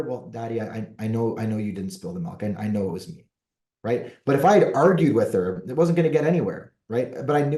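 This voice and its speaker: A middle-aged man talks through relationship advice in an earnest, explanatory way. His voice is mellow and dark. The room around him is echoey. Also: medium pitch. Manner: earnest, explanatory, often ends points with "right?". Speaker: podcast guest, relationship coach. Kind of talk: conversational advice monologue.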